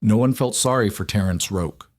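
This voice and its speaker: A man's voice: on the low side, fairly quick, darkish tone, close to an everyday voice. A man voicing an insecure adult husband who confesses hesitantly and apologetically in an audiobook. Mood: defensive.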